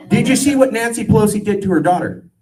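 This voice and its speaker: A man in his forties from California giving an animated, joking political speech to a crowd, with a sarcastic edge. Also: sits high, fast talker. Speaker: political campaigner speaking to a crowd. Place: event gathering. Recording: voice distant from the mic.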